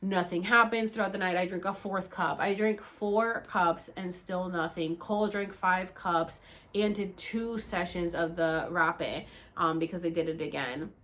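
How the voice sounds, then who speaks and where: A young woman vlogger with a lowish voice tells a personal story at a measured pace. She's casual and animated, swears freely and acts out what other people said.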